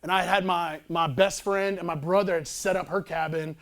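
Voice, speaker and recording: Man, thirties, pastor, sermon storytelling, higher voice, chatty, self-deprecating. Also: fairly even intonation, moderate pace, fairly bright tone.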